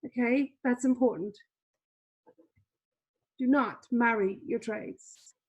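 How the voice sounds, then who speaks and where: A woman's voice: on the high side, slow pace, breathy edge. A woman teaching a trading lesson over a shared screen, chatty, repeating herself, with many fillers. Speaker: trading coach.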